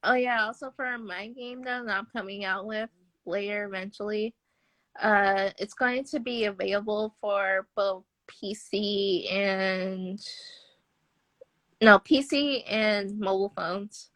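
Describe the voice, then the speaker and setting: A woman's voice: mid-range voice, slow pace, fairly bright tone. A woman talking as a guest about games she is building, in a casual podcast chat over a live video call, laughing often between remarks. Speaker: guest game developer. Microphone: phone or webcam mic on a live stream.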